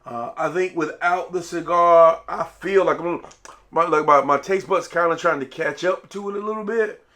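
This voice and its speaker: Guy, slightly high voice, easygoing whiskey reviewer who rambles a bit. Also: normal speed, fairly bright tone. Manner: laid-back, rambling. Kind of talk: casual spirits review.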